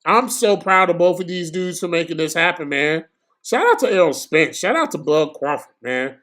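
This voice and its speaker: A young man giving casual, slangy live commentary on a boxing match for his stream, excitable and prone to bursts of shouting. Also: a little high, moderate pace.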